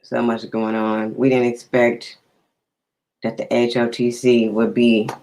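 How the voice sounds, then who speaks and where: A man's voice: mid-range voice, monotone, a little slow, darkish tone, rough recording. A man hosting a casual live stream, chatting easily and greeting viewers by name.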